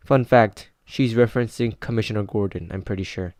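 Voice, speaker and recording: A man's voice: mid-range voice, fairly even intonation, normal speed, darkish tone, no room sound, studio quality. A teenage boy casually reviewing a comic book, rambling with lots of "like" and restarts. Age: teens. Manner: rambling, filler-heavy with frequent "like".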